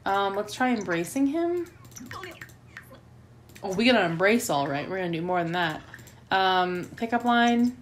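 A woman's voice: medium pitch, animated, measured pace, pauses often, slight background noise. A woman hosting a let's play, giving chatty gameplay commentary and getting easily flustered and melodramatic.

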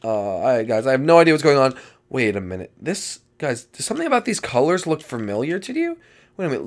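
A man giving excitable Minecraft roleplay commentary and chatting to his viewers. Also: medium pitch, fairly quick. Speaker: gaming YouTuber.

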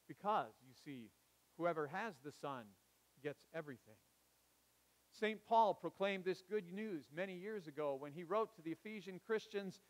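Male pastor, sermon, storytelling, high voice, long church reverb. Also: a bit bright. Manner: measured storytelling, dramatic emphasis. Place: church sanctuary.

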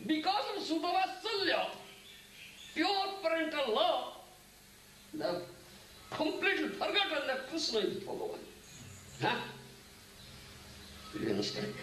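A man's voice: very high voice, wildly swooping pitch, measured pace, pauses often, a bit bright. An older man gives a devotional lecture, often asking "Huh?" and "Isn't it?" and chanting Sanskrit verses. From India. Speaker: spiritual teacher. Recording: echoey room, mic at a distance, faint hiss.

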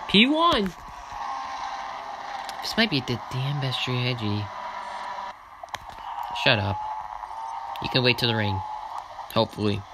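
A man giving let's-play commentary on a racing game, swinging between loud cheers and grumbling mutters. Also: medium pitch, unhurried, pauses often. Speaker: gamer playing a racing management game. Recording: noticeable background noise.

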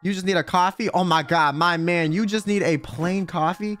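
A man's voice: high voice, fairly even intonation, moderate pace, a bit bright, soft background music. A man streaming a game, chatting casually and animatedly with frequent swearing and laughter.

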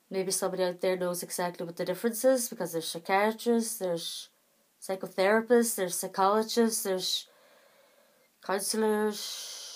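A middle-aged woman talks casually to her camera with a somewhat low voice. She rambles from one thing to the next in a chatty, self-deprecating way. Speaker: vlogger.

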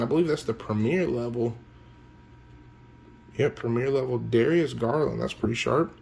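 A man hosting a card-opening video, chatting casually and breaking into excited shouts and laughter over his pulls. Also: medium pitch.

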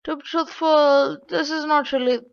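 A woman's voice: high-pitched, fairly even intonation, moderate pace, creaky. A woman giving casual game commentary, complaining aloud to her viewers in an exasperated way. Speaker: gaming channel host. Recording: dull lo-fi.

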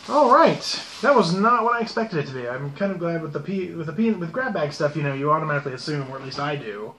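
A man's voice: on the high side, fairly bright tone. A man hosting his own channel, chatting casually and rambling with self-deprecating asides as he unboxes things. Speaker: pipe-smoking channel host. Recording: echoey room with faint background noise.

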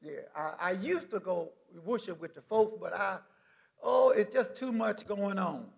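A preacher doing a grumbly stay-at-home man, high gravelly voice, soft and mumbling. Just a quick put-on aside. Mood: grumbling. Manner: grumbling, self-excusing. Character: reluctant man who avoids church, grumbling.

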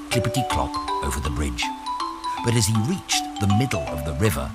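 A man reading a children's storybook aloud slowly and expressively. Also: rumbling low, expressive. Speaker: storybook reader. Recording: loud music under the voice. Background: loud music.

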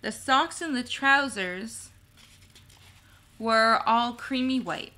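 A woman narrating a storybook chapter slowly and carefully, her voice bright and clear. She occasionally trips over a word and goes back to fix it, keeping an unhurried, steady delivery. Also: a little high. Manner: slow, careful, small slips and self-corrections. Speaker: storybook reader. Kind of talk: reading a novel aloud.

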